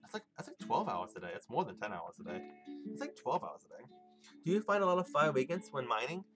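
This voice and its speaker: Brief: male gaming streamer, lively pitch, rambling casual chat, music playing behind. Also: quick pace. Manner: chatty, rambling, swears casually, answers chat. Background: game music.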